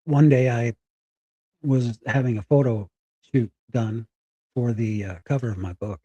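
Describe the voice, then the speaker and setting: A middle-aged man telling a personal story candidly, halting and close to tears. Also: medium pitch, steady tone, warm tone, no echo. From Spokane, Washington. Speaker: guest.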